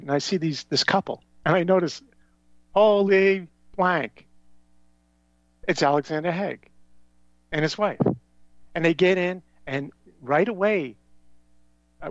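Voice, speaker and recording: This man is a guest on a show, animatedly telling meandering, conspiratorial stories that keep veering off onto new tangents. His fairly high voice carries vocal fry, with no room sound, and the recording is dull and lo-fi.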